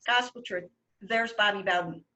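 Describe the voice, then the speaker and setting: A middle-aged woman hosting a casual chat, telling lively stories and laughing often. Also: mid-range voice, moderate pace, muffled recording. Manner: animated storyteller, laughs often. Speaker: host.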